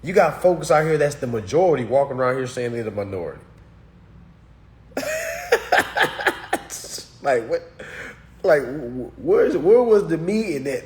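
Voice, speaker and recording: A man's voice: mid-range voice, very animated, moderate pace, darkish tone. A man giving a casual political rant, speaking emphatically and straight to his listeners. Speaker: commentator.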